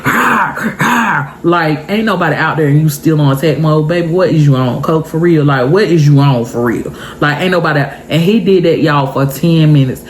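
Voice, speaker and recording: A young woman vlogger telling a story to her viewers in a casual, animated and emotional way. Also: deep voice, slight background noise.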